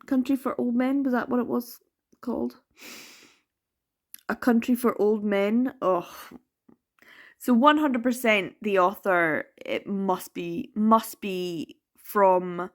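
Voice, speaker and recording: Young scottish woman from the western isles, chatty book vlog, thinks out loud, trails off a lot. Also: mid-range voice. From Isle of Lewis, Scotland. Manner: chatty, reflective, trails off and restarts often. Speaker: book vlogger. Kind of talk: casual reading vlog chat.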